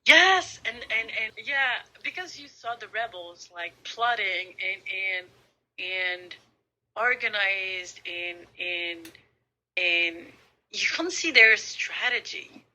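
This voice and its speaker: Slow, bright-voiced woman gushing about films. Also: medium pitch, expressive, poor audio. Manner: enthusiastic, repeats "and" and "like". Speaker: podcast co-host. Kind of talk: casual fan chat.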